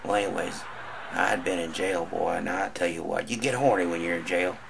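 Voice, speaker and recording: A man's voice: sits low, fairly even intonation, fairly quick, creaky, noisy background. A man telling stand-up jokes in a drawling, storytelling way, acting out the voices in his stories. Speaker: stand-up comedian.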